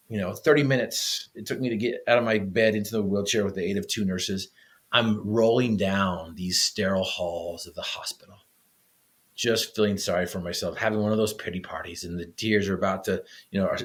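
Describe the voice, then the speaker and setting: A man's voice: lowish voice, a bit bright. A man, a podcast guest, earnestly telling a personal story with frequent restarts.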